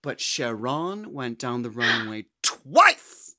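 A podcast co-host in casual chat, dramatic and campy when telling a story. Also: female voice, extremely low pitch, sing-song, slow pace, noisy background.

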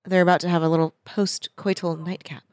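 A woman chatting casually as she watches a film with a friend, reacting with groans and quick comments. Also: lowish voice, little pitch movement, a little mellow, no echo.

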